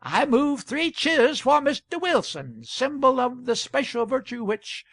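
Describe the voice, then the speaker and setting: A man's voice: high-pitched, big pitch swings, normal speed, vocal fry, fairly bright tone, husky, dry recording, heavily acted. A man reading an audiobook, voicing an eager hatter who rouses the crowd. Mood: rousing. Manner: eager, rousing.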